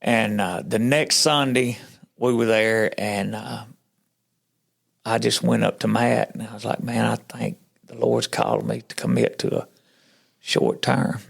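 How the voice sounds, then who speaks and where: A man's voice: on the low side, animated, measured pace, vocal fry. A man as a podcast guest, telling his faith story in casual chat like a folksy storyteller who acts out what other people said.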